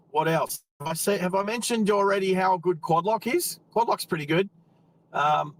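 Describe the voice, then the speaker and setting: A chatty Australian man talks from behind the wheel, hosting a live stream as he drives. His voice sits a little higher than most men's, and his talk is loose and rambling. He keeps greeting viewers by name as he goes. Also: a little hiss or hum, poor audio. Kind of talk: casual live-stream chat. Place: in a car while driving.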